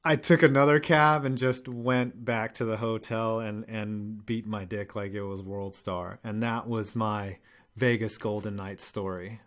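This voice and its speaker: A man's voice: on the low side, a little slow. A young man hosting a live show, telling a rambling story in casual, profane chat. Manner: animated, profane, rambling with restarts and laughs.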